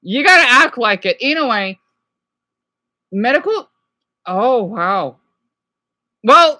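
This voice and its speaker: A woman's voice: mid-range voice, expressive, takes it slowly, long pauses, bright, forceful tone. A woman reacting to a video in a profane, rambling rant, often apologizing. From United States. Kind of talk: ranting reaction commentary.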